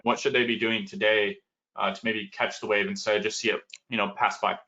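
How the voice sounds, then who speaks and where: A man's voice: fairly low pitch, level tone, fairly quick, bright, forceful tone. A male host on a video call asking a guest a long, rambling question full of fillers. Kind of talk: casual webinar talk. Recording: dull lo-fi call audio.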